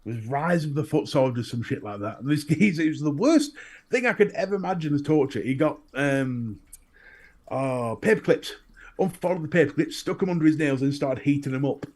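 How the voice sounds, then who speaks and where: A man with a Northern English accent, co-hosting a casual chat and telling animated stories with plenty of swearing. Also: on the high side, brisk. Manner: animated storyteller, swears freely. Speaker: podcast co-host.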